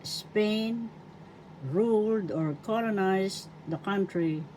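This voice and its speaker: An older woman from the Philippines with a Filipino accent, teaching a language lesson slowly, spelling out each word by syllables and repeating it. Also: mid-range voice, mellow, slight background noise, rough recording.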